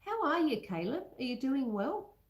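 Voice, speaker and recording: A woman's voice: sits high, sing-song, moderate pace, roomy sound. A woman hosting a home baking livestream, chatting casually and reading out viewers' comments while she bakes, calling people love and sweetheart. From Australia. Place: home kitchen.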